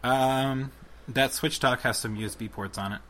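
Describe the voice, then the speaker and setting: A young man co-hosting a casual tech podcast, talking excitedly and rambling with lots of restarts. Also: medium pitch, moderate pace, slight background noise. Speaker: podcast co-host.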